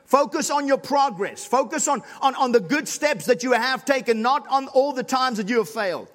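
A man pastor preaching a sermon, repeating emphatic lines and rising to shouts. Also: very high voice, animated, normal speed. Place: church sanctuary. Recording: long hall reverb.

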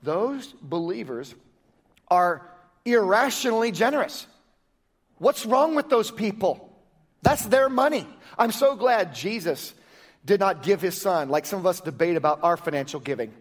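High-voiced male preacher in a reverberant hall. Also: lively intonation. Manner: emphatic preaching, rapid rhetorical questions. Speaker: pastor. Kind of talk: sermon. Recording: long reverb of a large hall.

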